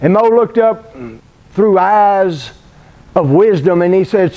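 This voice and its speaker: Male preacher, storytelling sermon, high voice, deliberate pauses, dull lo-fi recording.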